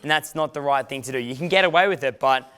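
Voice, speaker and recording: A man's voice: medium pitch, quick pace, bright, forceful tone, smooth. A man, a dating coach giving a casual, profane instructional talk and acting out quoted lines.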